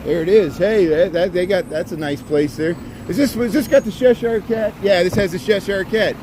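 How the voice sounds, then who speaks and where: A man's voice: high-pitched, normal speed. A middle-aged man from Indiana giving rambling, chatty commentary as he walks a city street livestreaming, greeting people he passes. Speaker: walking livestream vlogger. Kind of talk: casual running commentary while walking. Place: city street outdoors at dusk. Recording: outdoor street noise and traffic.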